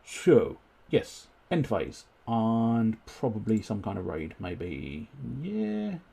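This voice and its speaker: A man talks through a live gaming stream in a lowish, husky voice. He speaks in a wordy, politely formal way, full of ums and self-corrections. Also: big pitch swings, slow, warm tone. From United Kingdom. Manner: wordy and politely formal, with many fillers and restarts. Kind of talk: casual live-stream chat.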